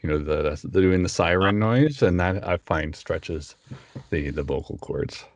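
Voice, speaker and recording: A man, a voice actor, chatting in an interview and animated, often breaking into impressions. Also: deep voice, unhurried, no room sound. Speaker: voice actor guest. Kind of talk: casual interview chat.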